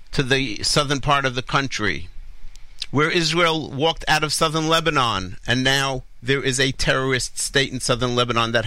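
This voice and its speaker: A man's voice: mid-range voice, pushed and bright, dry recording. A man hosting a radio show, giving opinionated commentary with rhetorical questions, long explanations and self-corrections.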